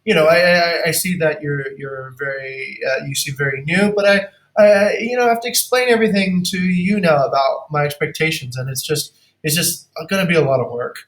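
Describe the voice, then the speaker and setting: Guy acting as a fussy client, high voice, stumbling over his words and grumbling. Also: fairly bright tone, natural voice, rough recording. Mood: complaining. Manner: halting, complaining, repeats words. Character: fussy male client missing his old manager. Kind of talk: negotiation role-play.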